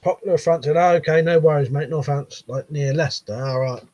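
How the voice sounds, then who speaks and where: A man's voice: a little high, a little fast, a little mellow, no room sound, dull audio. A man with a Southern English accent hosting a casual live stream, reading viewers' comments aloud with frequent laughs and casual swearing. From Buckinghamshire, England.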